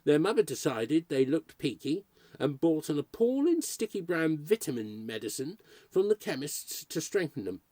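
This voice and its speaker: A man reading a short story aloud as narrator, in a lively, expressive storytelling manner. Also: on the high side, moderate pace, dry recording.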